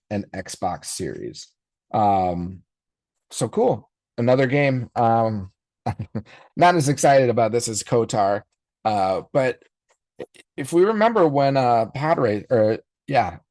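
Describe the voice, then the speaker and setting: A man in his forties hosts a podcast with a rambling, nostalgic reaction, full of ums and restarts. His voice sits a little low and sounds dry and close. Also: mellow, dry recording. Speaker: podcast host. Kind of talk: casual reaction commentary.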